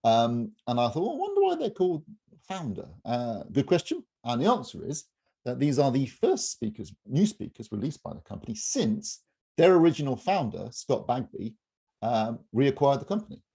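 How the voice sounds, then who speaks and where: A man's voice: mid-range voice, big pitch swings, normal speed, gravelly, mellow, breathy edge. A man in his fifties, a podcast co-host, chatting casually in a wry, rambling, joking way. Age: 50s. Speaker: reviewer and co-host. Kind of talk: casual chat.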